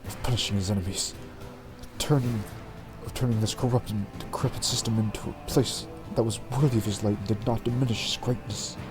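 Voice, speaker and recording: A man's voice: fairly low pitch, fairly even intonation, brisk, lightly acted. A man reading the lines of a stern female rogue trader judge in a formal, declamatory way, in his own voice. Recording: background game music.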